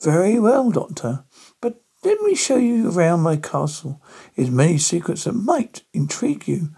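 A man's voice: high voice, very animated, normal speed, vocal fry, warm tone, breathy edge, exaggerated voice. A man voicing a menacing vampire count with a thick Eastern European accent, in an amateur audio story.

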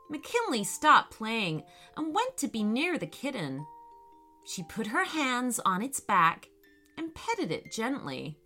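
Brief: woman storyteller, high bright voice, slow, faint music under it. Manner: slow, warm, expressive storytelling. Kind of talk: children's bedtime story narration.

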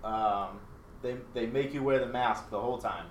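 A man appearing as a podcast guest, answering questions in a calm, measured way. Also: medium pitch. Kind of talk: casual interview answers. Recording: roomy, distant mic with faint noise.

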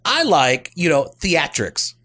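A man co-hosting a church podcast as executive pastor, protesting his partner's jokes in animated, easy banter. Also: fairly high pitch, takes it slowly. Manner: animated, protesting, laughing easily.

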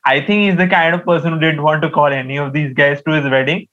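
A man's voice: on the high side, fairly even intonation, fast talker. A man co-hosting a casual cricket chat, teasing and switching between Hindi and English. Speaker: podcast co-host. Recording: slightly dull lo-fi mic.

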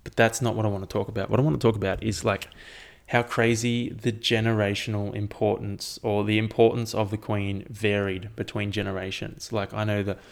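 Young aussie bloke rambling on his podcast, swears a lot, gravelly low voice. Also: level tone, brisk. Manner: rambling and profane, with frequent ums. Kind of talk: casual chat.

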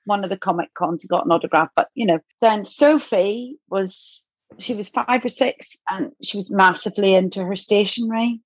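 Husky Irish woman telling lively stories. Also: medium pitch, moderate pace, no room sound. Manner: lively storyteller, acts out quotes. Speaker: podcast guest. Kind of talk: animated anecdote-telling.

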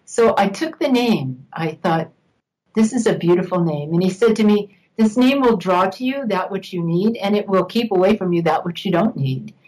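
A woman's voice: medium pitch, animated, normal speed, a little mellow, low-quality recording. An older woman, a guest on an interview show, reminiscing at length with an occasional laugh. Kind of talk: interview storytelling.

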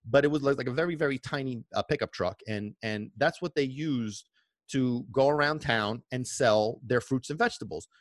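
A middle-aged man casually telling stories from his past in a rambling, animated way, with many restarts. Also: medium pitch, moderate pace, no room sound, studio quality. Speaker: vlogger. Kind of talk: casual nostalgic storytelling.

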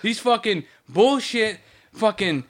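A man's voice: high-pitched, animated, takes it slowly. A man in his thirties ranting heatedly in casual podcast chat, swearing often. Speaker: podcast co-host.

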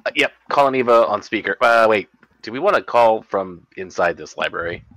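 A man's voice: fairly low pitch, expressive, a little fast, a bit bright, no room sound. A man playing his character in a tabletop role-playing game, hesitant with dry remarks. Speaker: player.

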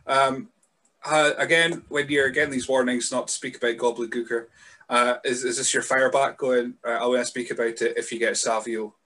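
A man's voice: medium pitch, fairly even intonation, brisk, sharp tone. A man hosting his podcast, chatting in an easygoing, sweary way with plenty of hesitant fillers. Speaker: podcast host. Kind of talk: casual podcast chat.

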